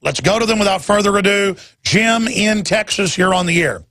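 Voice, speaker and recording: A man's voice: high voice, moderate pace, bright, forceful tone, dry recording. A man in his forties hosting a talk radio show, speaking intensely and emphatically and stumbling over repeated words when worked up. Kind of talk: impassioned talk radio monologue.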